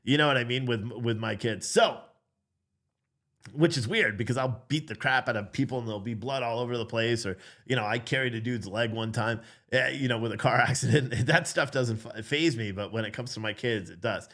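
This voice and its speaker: A man who is a father, telling a story in a casual, animated way, blunt and swearing, acting out the voices in it. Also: medium pitch, a little fast. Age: adult father. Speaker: vlogger.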